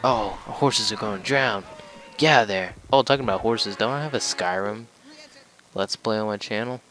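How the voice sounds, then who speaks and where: A man's voice: lowish voice, normal speed, a bit bright, a little hiss or hum, rough recording. A man giving casual gameplay commentary as a let's play gamer, joking, rambling and talking to the game as he plays.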